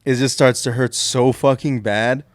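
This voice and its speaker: A man's voice: medium pitch, fairly even intonation, dry recording, studio quality. A young man co-hosting a comedy podcast, telling a rambling story full of restarts and fillers. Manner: rambling, halting, many restarts. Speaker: podcast co-host.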